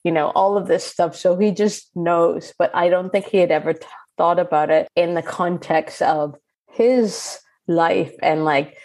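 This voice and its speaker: A woman's voice: on the low side, measured pace, darkish tone, rough recording. A woman interviewer asking thoughtful, searching questions in an interview conversation.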